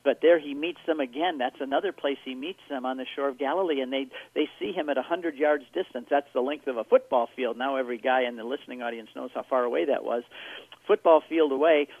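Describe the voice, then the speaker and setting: A man giving an animated, storytelling-style account as a guest on a radio interview, heard over a phone line. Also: medium pitch, fast talker, no room sound. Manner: animated storytelling, acting out characters.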